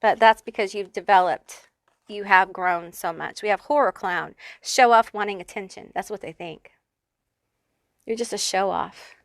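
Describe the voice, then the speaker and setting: A woman's voice: medium pitch, normal speed, no room sound, studio quality. A woman giving a pick-a-card tarot reading, talking straight to the viewer in a blunt, profane, fired-up way. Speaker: tarot reader.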